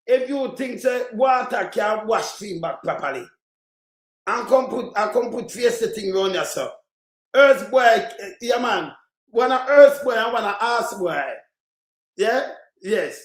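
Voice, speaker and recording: A woman with a Jamaican accent ranting casually to camera, insistently repeating herself in a mocking tone and breaking into loud shouts. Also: on the high side, echoey room. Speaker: vlogger.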